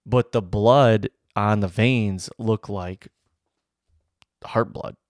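Low-voiced man telling a hunting story. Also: extremely slow, no echo, clean studio sound. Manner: rambling, excited, full of "like" and "you know". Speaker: bowhunter. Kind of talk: casual storytelling to camera.

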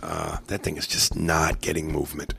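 A comedian hosting his podcast, swearing freely as he tells animated stories. His voice is low and gravelly with a bright, forward edge. The sound is dry and close to the mic. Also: normal speed, no echo. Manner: profane, animated storyteller. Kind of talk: casual podcast storytelling.

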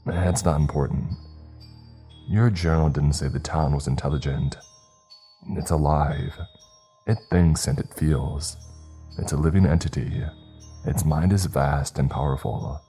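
A man voicing a desperate, changed young man who begs and then shouts to be let in. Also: rumbling low, unhurried, long pauses, breathy edge, soft background music, exaggerated voice. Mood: eerie calm.

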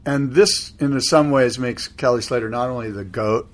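A man's voice: mid-range voice, normal speed. A middle-aged man co-hosting a casual podcast chat, playful and teasing, quizzing his partner. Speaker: podcast co-host.

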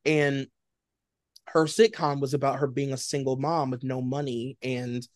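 A man's voice: mid-range voice, unhurried, no room sound, studio quality. Chatty man co-hosting a pop culture show. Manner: chatty, many "like" fillers, animated storytelling. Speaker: podcast co-host. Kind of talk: casual pop culture chat.

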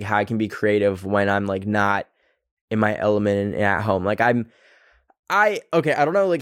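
A man's voice: mid-range voice, no room sound, studio quality. A young man hosting a podcast on his own, chatting casually and rambling with lots of filler words and self-mocking asides. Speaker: podcast host. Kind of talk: casual solo chat.

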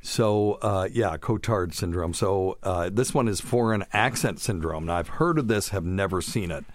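A man's voice: low-pitched, moderate pace, dry recording. A middle-aged man co-hosting a casual medical podcast, chatty and jokey as he reads from his notes. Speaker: podcast co-host, doctor.

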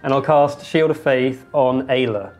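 Man, tabletop player, excitable, chatty, faint music behind. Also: medium pitch. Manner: excitable, quick reactions. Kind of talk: casual tabletop play.

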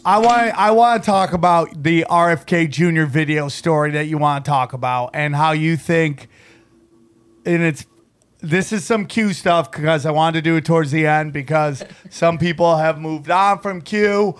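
A man's voice: fairly high pitch, normal speed. A man hosting a casual podcast chat who speaks in a blunt, profane way. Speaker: podcast host.

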